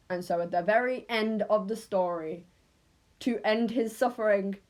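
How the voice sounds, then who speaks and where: A woman's voice: mid-range voice, a little mellow. A woman with an English accent, telling an unscripted story in a casual, rambling way and often correcting herself.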